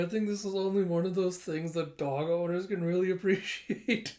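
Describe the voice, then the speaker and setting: A manga reader narrating a comic chapter casually, animated and giggly, reading out sound effects. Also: mid-range voice, normal speed, hardly any pauses. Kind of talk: casual comic read-through.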